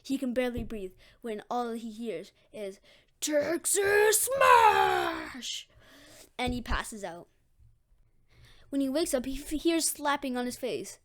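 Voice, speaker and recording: Rambling woman storyteller, slightly high. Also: moderate pace, darkish tone. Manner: rambling, self-correcting. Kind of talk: casual story retelling.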